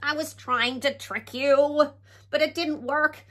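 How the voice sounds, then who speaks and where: A woman's voice: high voice, steady tone, slow pace, a bit bright. A woman reading a picture book aloud in a dramatic, pleading, playful way, as the host of a storytime channel.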